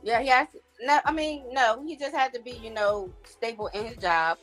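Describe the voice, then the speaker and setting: A woman's voice: a little high, moderate pace, a bit bright, soft background music. A woman, a talk-show guest speaking frankly and bluntly in casual chat. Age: 40s.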